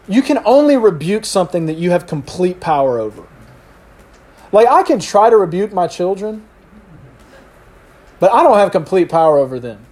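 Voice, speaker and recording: Pastor, middle-aged man with a fairly high voice, animated sermon delivery that acts out quotes. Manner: animated storyteller acting out quotes.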